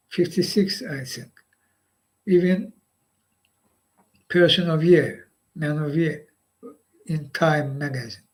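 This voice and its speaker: Guy w high voice talking slow, choppy little phrases, keeps asking huh?. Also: darkish tone, poor audio. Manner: halting, short phrases with rhetorical "huh?". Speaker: live stream host. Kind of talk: political monologue.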